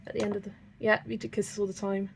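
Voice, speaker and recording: A woman's voice: mid-range voice, flat delivery, fast, vocal fry, a little hiss or hum. A young woman from Wiltshire with a light West Country accent, chatting casually and reading comments aloud as she colours. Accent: West Country English, light. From Wiltshire, England. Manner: chatty, laughs often, reads chat aloud. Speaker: colouring channel host. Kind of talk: casual livestream chat while colouring.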